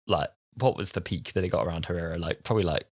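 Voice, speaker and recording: A man's voice: sits low, fast talker, slightly rough, no room sound, clean studio sound. A man in his twenties co-hosting a podcast, chatting casually and rambling with lots of filler words. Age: 20s. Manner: rambling, heavy use of "like" and "you know". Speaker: podcast co-host. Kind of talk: casual chat.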